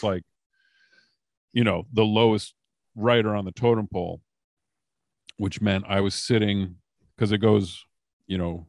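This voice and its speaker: A man who is a comedian and former wrestling writer, telling animated backstage anecdotes in a casual podcast chat. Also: low-pitched, dry recording, studio quality. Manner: animated anecdotes, frequent fillers.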